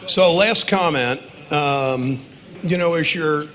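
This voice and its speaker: A man's voice: a little high, slow pace, sharp tone. A man in his sixties, father of the bride, giving a wedding toast full of stories and chuckling at his own anecdotes. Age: 60s. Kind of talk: wedding reception speech.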